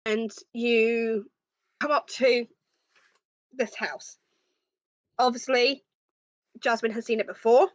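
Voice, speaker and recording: Woman, game master, fairly high voice, dry close mic, halting descriptive narration. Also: fairly even intonation, no room sound. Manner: descriptive, frequent "um" pauses.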